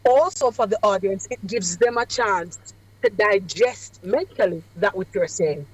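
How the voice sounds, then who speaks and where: A woman, a radio guest coaching on public speaking in a measured, emphatic cadence with deliberate pauses. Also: medium pitch, breathy edge, rough recording. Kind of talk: radio interview advice. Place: away from the studio.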